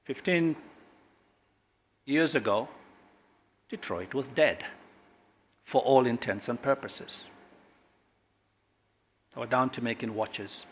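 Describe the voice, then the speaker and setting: A middle-aged man giving a public speech as a government official, emphatic and dramatic, with big swings in pitch and loudness and long pauses. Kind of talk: public speech at a corporate launch.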